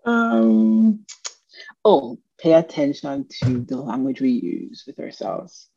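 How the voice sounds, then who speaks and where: Slow, gravelly podcast host. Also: medium pitch, sing-song, warm tone, a little hiss or hum. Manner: slow, reflective, loses the thread at times. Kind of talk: casual podcast chat. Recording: dull lo-fi sound.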